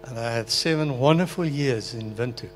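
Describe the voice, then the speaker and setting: A man's voice: on the high side, expressive, a little slow, slight background noise. An older man from Africa, an earnest, emotional pastor sharing his personal testimony in a sermon. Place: meeting hall.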